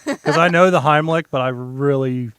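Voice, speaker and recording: A man's voice: a little high, normal speed, a bit bright, clean tone, no echo. Joking man hosting a podcast. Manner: joking, filler-heavy, asks lots of questions. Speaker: podcast host. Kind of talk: casual podcast chat.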